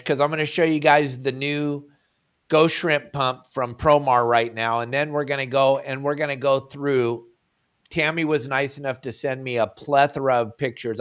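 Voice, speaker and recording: A man hosting a fishing podcast, talking casually and upbeat as he introduces a sponsor segment. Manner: upbeat, pitching a sponsor product. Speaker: podcast host.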